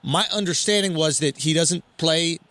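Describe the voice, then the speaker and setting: A man co-hosting a podcast in casual chat, animated and joking, swearing freely. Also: on the high side, normal speed, no echo. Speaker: podcast co-host.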